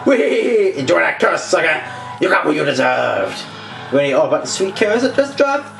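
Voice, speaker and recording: A man's voice: a little high, big pitch swings, normal speed, vocal fry, reverberant, over music. A man putting on a cackling evil box spirit. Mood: gloating. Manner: taunting, cackling, theatrical. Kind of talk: reading game dialogue aloud in a put-on voice.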